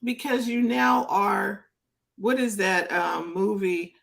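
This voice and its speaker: A woman's voice: mid-range voice, slow, gravelly. A woman co-hosting a casual business chat, reading out viewer comments and chatting with some hesitation. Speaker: co-host. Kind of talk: casual live-stream chat.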